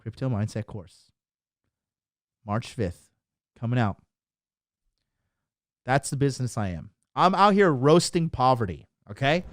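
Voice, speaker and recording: A man's voice: mid-range voice, expressive, a little slow, pauses often, no room sound. Brash, mocking male livestream coach. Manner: emphatic, keeps asking "okay?". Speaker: dating coach. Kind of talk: livestream rant to chat.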